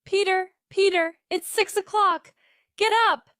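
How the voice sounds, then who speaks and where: An anxious mother in a read-aloud learner's story, her high voice rising sharply when she calls her son, as a woman reader puts her on. She speaks slowly and carefully. The sound is close and dry, with no room around it. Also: animated, no echo. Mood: shouting. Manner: shouts high and loud up the stairs. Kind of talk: graded reader story narration.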